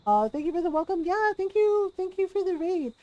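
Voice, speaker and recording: A woman's voice: very high voice, animated, a little fast, mellow, no echo, dull audio. A middle-aged woman livestreamer in casual, giggly chat while gaming, telling stories with many fillers.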